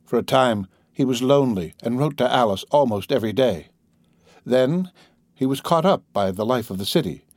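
A man reads a classic novel aloud as an audiobook narrator. His delivery is steady and measured, in a middle-pitched voice. The recording is dry and close, with no room sound. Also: dry recording. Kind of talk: scripted narration.

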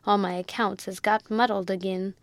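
A woman's voice: medium pitch, steady tone, normal speed, dry recording, close to an everyday voice. A woman voicing a coarse old country baronet who talks in rustic dialect and blusters. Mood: pleading.

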